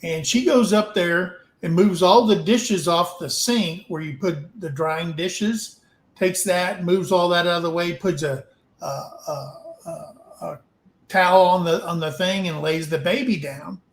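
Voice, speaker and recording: A man's voice: high-pitched, unhurried, roomy sound, poor audio. A man casually telling a frank, rambling story to a livestream audience, swearing now and then. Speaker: open mic storyteller.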